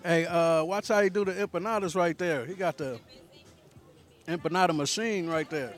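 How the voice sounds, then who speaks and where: A man's voice: on the high side, moderate pace, faint music behind. Hyped slangy man reviewing food. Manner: hyped slangy chatter, says man a lot. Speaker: food vlogger at a market. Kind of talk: casual food review vlog. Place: outdoor farmers market.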